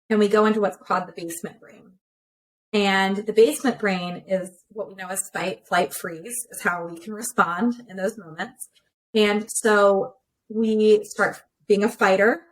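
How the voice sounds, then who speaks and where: A woman therapist talks in a relaxed, explanatory way, working through ideas step by step on a remote call. She sits at a middle pitch and leans on everyday examples as she makes her points. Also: unhurried, poor audio. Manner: clear, explanatory, with many examples. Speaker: relationship therapist guest. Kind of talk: conversational interview explanation.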